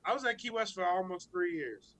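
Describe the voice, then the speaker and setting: High, bright-voiced man swearing freely. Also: fairly quick, rough recording. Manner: profane, animated storytelling. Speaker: podcast co-host. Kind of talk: casual chat.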